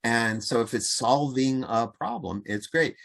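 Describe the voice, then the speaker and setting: Animated male podcast guest. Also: medium pitch, measured pace, vocal fry. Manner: animated, acts out quoted voices, laughs easily. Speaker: podcast guest, communication coach and author. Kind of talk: conversational interview.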